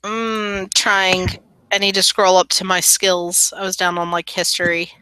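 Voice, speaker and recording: A woman's voice: mid-range voice, flat delivery, measured pace, sharp tone, smooth, no echo, rough recording. A woman player in a tabletop role-play game, chatting casually and dropping to a whisper when speaking in character.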